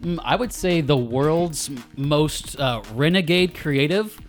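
A man's voice: on the high side, takes it slowly, soft background music. A man hosting a casual podcast chat, joking and stammering through restarts, recorded on a camera directional mic. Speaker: podcast host.

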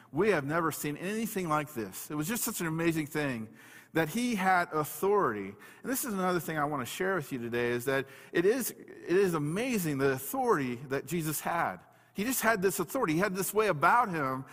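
A man's voice: a little high, fairly bright tone. A man preaching a sermon, reading scripture aloud and explaining it in an earnest, emphatic way, often repeating key words. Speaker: pastor. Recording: long hall reverb.

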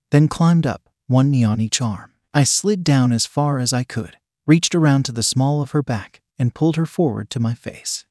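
A man telling a first-person erotic story in a calm, steady, reflective storytelling manner. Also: mid-range voice, no echo, studio quality. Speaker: narrator.

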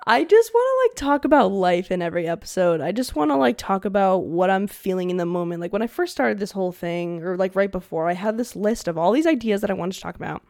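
A woman's voice: medium pitch, expressive, quick pace, hardly any pauses, darkish tone, no echo, studio quality. A woman in her twenties hosting her own podcast in a casual, candid solo chat, with "like" in nearly every phrase. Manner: chatty and candid, heavy use of "like". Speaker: podcast host.

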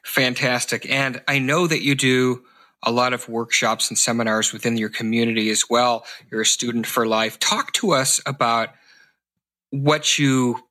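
A man's voice: medium pitch, steady tone, normal speed, bright, forceful tone, poor audio. A man hosting a podcast interview, asking affirming questions. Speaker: podcast host.

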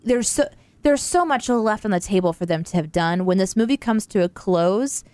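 A woman's voice: medium pitch, lively intonation, moderate pace, a little mellow, smooth, dry recording. A woman co-hosting a casual movie review chat, talking in loose, eager runs full of likes.

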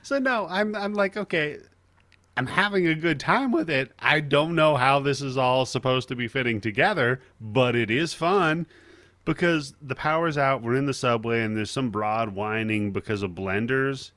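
A man's voice: medium pitch, moderate pace, pushed and bright, no room sound. A man hosting a podcast, recapping a horror film in wry casual chat with frequent laughs. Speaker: podcast host.

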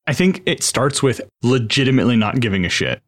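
A man's voice: mid-range voice, very animated, a little fast, no room sound. Dry-sounding man in casual chat. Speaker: podcast co-host.

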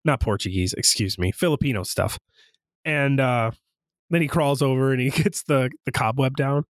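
A young man casually recapping a movie on a podcast, animated and acting out quoted lines. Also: medium pitch, moderate pace, no echo, clean studio sound. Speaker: podcast co-host.

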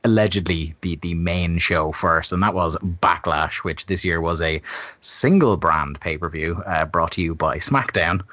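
A very low-voiced man hosting a podcast with an easy, joking manner. His tone is bright and forceful despite the depth, and the recording is dry and close. He often laughs mid-sentence. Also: dry recording. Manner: laughs often, quick teasing banter. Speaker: podcast host. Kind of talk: casual podcast chat.

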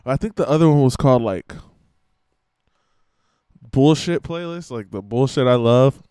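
A man's voice: medium pitch, a little slow, mellow, clean tone, no echo, clean studio sound. A man in his twenties hosting a podcast, chatting casually and playfully, laughing often and breaking into rap lyrics. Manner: playful, laughing, rapping along to songs. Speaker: podcast host. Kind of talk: casual chat.

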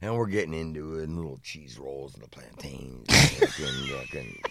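Man, middle-aged, podcast co-host, casual profane storytelling, lively pitch, dry close sound. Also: moderate pace, creaky, no echo. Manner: profane, animated anecdote with acted-out quotes.

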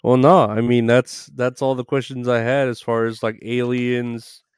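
A man hosts an interview in a smooth, resonant voice. He rambles and giggles, trailing off into crude tangents. The sound is dry and close to the mic. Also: medium pitch, level tone, measured pace, no room sound. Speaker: interview host. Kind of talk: casual interview chat.

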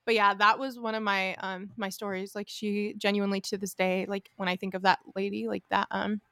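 A woman's voice: medium pitch, flat delivery, brisk, fairly bright tone, no echo, clean studio sound. A woman in her twenties co-hosting a podcast, chatting casually and leaning on "like" a lot. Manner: chatty, heavy use of "like" fillers. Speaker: podcast co-host. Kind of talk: casual chat.

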